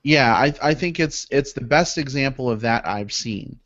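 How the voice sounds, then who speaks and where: A man's voice: medium pitch, a bit bright, no room sound. A man co-hosting a podcast, chiming in eagerly during casual chat about a film. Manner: eager, quick to chime in. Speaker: podcast co-host. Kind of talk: casual movie review chat. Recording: dry, dull lo-fi podcast audio.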